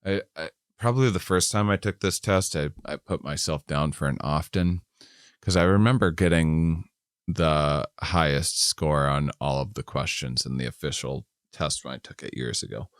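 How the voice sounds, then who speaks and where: A middle-aged man in casual podcast chat, wandering off on self-deprecating tangents. His voice sits very low and comes across smooth and resonant. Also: moderate pace, no room sound, studio quality. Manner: rambling, self-deprecating, reads survey questions aloud. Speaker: podcast co-host.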